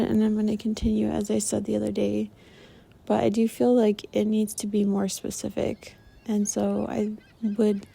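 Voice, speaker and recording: A woman talking in a casual diary-style vlog, rambling softly and trailing off with fillers, a little stuffy from allergies. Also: medium pitch, vocal fry. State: runny nose from allergies. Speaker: meditation vlogger.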